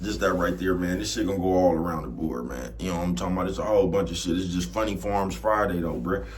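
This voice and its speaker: A man's voice: low-pitched, fast, a little hiss or hum. A man ranting casually to camera in a laid-back, streetwise way, keeps asking "you know what I'm talking about". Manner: laid-back, gets loud and heated. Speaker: vlogger.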